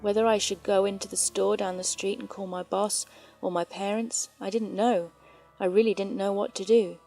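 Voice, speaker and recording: A woman narrating true scary stories in a calm, measured storytelling voice. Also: medium pitch, creaky. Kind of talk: reading scary stories aloud. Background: faint background music.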